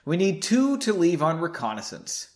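A man voicing a calm, businesslike male mage handing out assignments. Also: fairly high pitch, normal speed.

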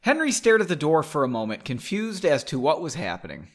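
Chatty guy reading his story, keeps going off on tangents and laughing, slightly high voice. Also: wildly swooping pitch, fairly quick. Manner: chatty, digressive, laughs often. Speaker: podcast host reading his own story. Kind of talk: casual chat and story reading.

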